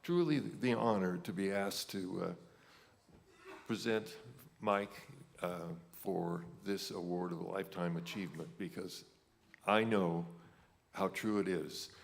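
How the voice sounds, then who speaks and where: An older man giving a halting, reminiscing ceremony speech, with many pauses. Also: low voice, vocal fry, a little hiss or hum. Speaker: inductee presenter. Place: ceremony hall. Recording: hall reverb.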